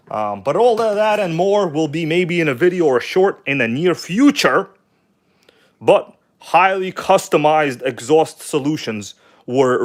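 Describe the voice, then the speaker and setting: A man hosting a casual hobby livestream from home, talking loosely and joking with viewers. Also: a little high. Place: at home, kitchen table.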